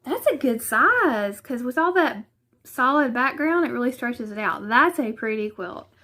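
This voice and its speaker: A chatty woman with a Southern US accent, her voice sitting a little high as she talks through an unboxing. She thinks aloud and restarts her sentences often. It sounds like a simple home setup in a living room. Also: animated, a little slow, bright, forceful tone. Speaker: vlogger. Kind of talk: casual unboxing chat.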